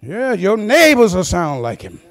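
A man preaching a sermon as pastor, folksy and chuckling, rising into shouted, sing-song cadences. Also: high voice, huge pitch swings, unhurried.

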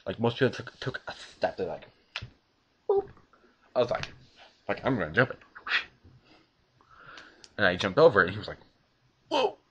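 A teenage guy rambles through his day for a vlog, cursing freely and tripping over his words. His voice sits very low, and the recording is a little dull and lo-fi. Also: animated, a little fast, pauses often, sharp tone, slight background noise. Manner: rambling, swears a lot, stumbles over words. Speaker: vlogger.

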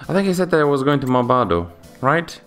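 A man's voice: medium pitch, sing-song, quick pace, fairly bright tone, soft background music, pitched above the performer's own voice. A man reading aloud for an anxious young girl summoner who talks to herself.

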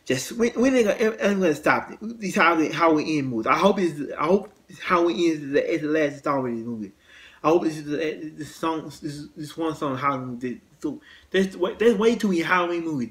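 Male host, fairly high voice, stumbling and repetitive delivery, blunt and profane. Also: fairly bright tone. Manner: halting, many restarts and repeated words, blunt cursing. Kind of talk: casual movie rant.

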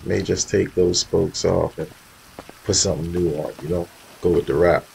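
Low-voiced man, laid-back gaming vlogger, speaks to his viewers over faint background noise. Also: fairly even intonation, moderate pace, creaky, darkish tone, low-quality recording. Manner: laid-back, slangy, talks straight to viewers. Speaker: roleplay gamer showing off his cars. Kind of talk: casual gaming vlog commentary.

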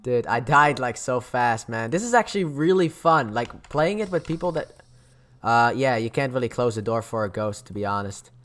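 Young man, gaming commentary, lively swooping pitch, mutters then yells, swears a lot. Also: moderate pace, soft background music. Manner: excitable, swings from mutters to yelling and swearing. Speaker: gameplay commentator.

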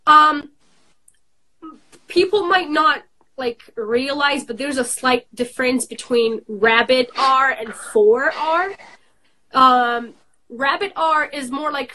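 A woman's voice: high voice, slow pace, sharp tone. A young woman from Bosnia, a native English speaker, chatting as a guest on a video call with many fillers. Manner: chatty, with frequent fillers and laughs. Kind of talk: casual video-call interview.

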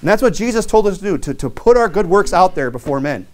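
A pastor preaches a sermon plainly and earnestly, full of conversational fillers, at a quick pace with lively intonation. He reads King James scripture aloud, his pitch rising on key verses.

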